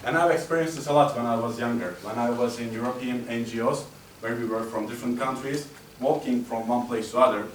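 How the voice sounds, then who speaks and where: A man giving a humorous speech at a speaking club, telling stories in a chatty, animated way. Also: medium pitch, brisk, hardly any pauses. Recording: roomy echo, distant mic, faint hum.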